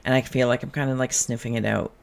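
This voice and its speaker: A tarot reader hosting a relaxed, channeled reading, who talks in a musing, chatty way and drifts into humming and asides. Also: mid-range voice, fast, gravelly.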